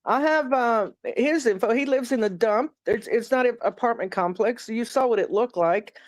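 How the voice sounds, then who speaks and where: A woman's voice: a little high, normal speed, no room sound. A woman from New Mexico ranting heatedly and swearing as a panel guest on a live stream. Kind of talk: casual live-stream chat.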